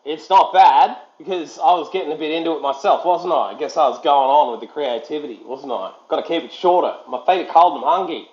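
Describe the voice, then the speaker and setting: A fairly high-voiced Australian man in his thirties, rambling in broad, slangy banter with a voice assistant. He is recorded on a phone in a roomy space, and the sound is slightly dull. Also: fairly quick, hardly any pauses, darkish tone. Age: 30s. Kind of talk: joking chat with a voice assistant.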